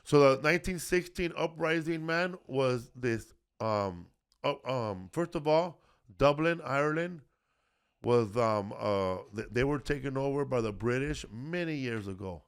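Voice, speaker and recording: A man's voice: medium pitch, expressive, measured pace, clear, resonant tone. Guy hosting a history podcast, rambly and sweary, lots of ums, regular mid voice. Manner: rambling, profane, many fillers and restarts. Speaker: podcast host. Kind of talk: casual comedic history chat.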